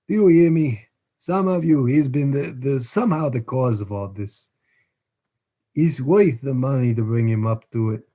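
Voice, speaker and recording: A man's voice: mid-range voice, normal speed, warm tone, lightly acted. A man voicing a fierce old male criminal in a storybook reading, frantic and wheedling by turns. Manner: wheedling, desperate pleading.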